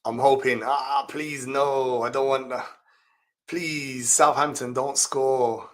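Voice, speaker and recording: A man's voice: mid-range voice, steady tone, slow pace. Chatty man on a live stream. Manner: chatty, laughs often, reacts loudly to comments. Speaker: fantasy football streamer. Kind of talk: live stream chat reading viewer comments.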